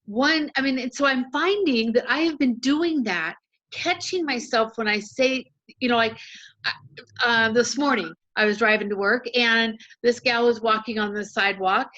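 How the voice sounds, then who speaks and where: Animated woman on a lo-fi call line. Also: on the high side. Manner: animated, laughs at herself. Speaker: caller sharing a story. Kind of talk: casual storytelling. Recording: lo-fi call audio.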